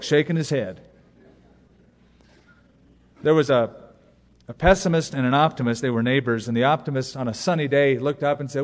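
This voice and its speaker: A man's voice: medium pitch, a little fast. A man preaching a sermon, telling jokes and stories and repeating words for emphasis. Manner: storytelling with jokes, emphatic repetition. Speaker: pastor. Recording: long reverb of a large hall.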